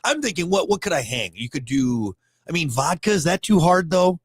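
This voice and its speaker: A man's voice: fairly high pitch, very animated, normal speed, breathy edge, no echo. A man co-hosting a casual talk show, rambling and joking with frequent restarts. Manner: rambling, jokey, many restarts. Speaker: co-host. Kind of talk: casual chat.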